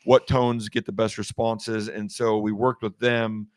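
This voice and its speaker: A man's voice: on the low side, flat delivery, a little slow, dry recording. Man, interview guest, casual rambling talk, fillers and restarts, dry close sound. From Washington state. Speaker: guest, game call maker.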